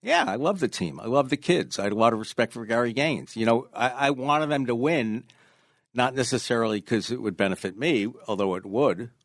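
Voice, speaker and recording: A man's voice: medium pitch, brisk, no echo, studio quality. A man in his sixties from New York with a New York accent, a guest author telling stories in an interview and hammering home points by repeating them. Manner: emphatic, repeats key phrases. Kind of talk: casual interview storytelling.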